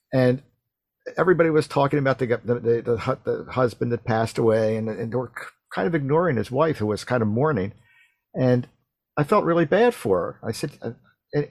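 A man hosting a faith radio interview, telling a personal story in a halting way with many repeated words and restarts. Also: mid-range voice, no echo, studio quality. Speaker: radio show host.

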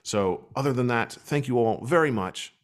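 A man hosting a casual podcast, chatting conversationally and telling animated stories. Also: mid-range voice, moderate pace. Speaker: podcast host.

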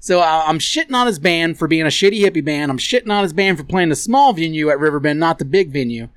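A man's voice: on the high side, lively intonation, fast talker, a bit bright, smooth, dry recording, studio quality. A man co-hosting a podcast, telling a rambling, profane story in casual chat and laughing often. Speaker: podcast co-host.

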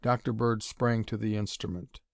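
A man narrating an audiobook in a steady, even reading voice. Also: on the low side, normal speed, vocal fry, no room sound. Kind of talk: scripted narration.

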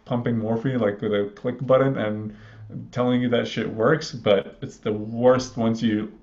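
A man in his thirties from Iraq, a guest calmly telling a personal story in a halting way, with many fillers, on a slightly muffled recording. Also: medium pitch. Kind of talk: conversational storytelling. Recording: slightly dull, muffled audio.

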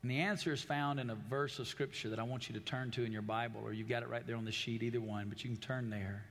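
A man's voice: mid-range voice, steady tone, quick pace, fairly bright tone. A man preaching a sermon as pastor, speaking emphatically, repeating and restarting phrases, and putting questions straight to his congregation. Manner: addresses the congregation directly with questions.

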